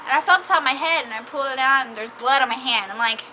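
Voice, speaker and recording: A young woman with a high voice tells a casual story, chatty and a little bossy with her friend. She is recorded outdoors, and clear noise runs under her voice the whole time. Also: quick pace, pushed and bright, rough recording. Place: outdoors by a trash can.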